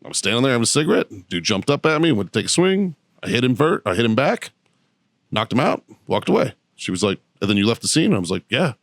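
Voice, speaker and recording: With big swings in his medium-pitched voice, a podcast guest who is also the show's producer rattles off an anecdote, swearing casually and laughing often as he goes. The recording is dry.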